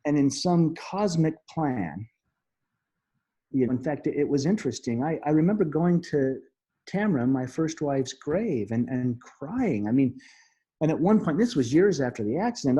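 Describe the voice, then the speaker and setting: A middle-aged man speaks as an interview guest, telling a deeply personal story in an earnest, halting way. His voice is husky and mellow, a little high for a man, and he often restarts his sentences and laughs softly. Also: animated.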